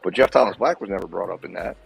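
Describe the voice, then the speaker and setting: A man's voice: sits low, fast, vocal fry, rough recording. A man talking casually on a stream, rambling and hesitant, restarting his sentences often. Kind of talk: casual live-stream talk.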